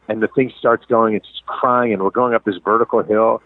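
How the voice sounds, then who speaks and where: A man's voice: lowish voice, fairly even intonation, brisk, few pauses, no room sound. Man talking over a tinny phone line. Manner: candid, self-deprecating storyteller. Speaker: guest, sports writer. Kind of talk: casual interview chat.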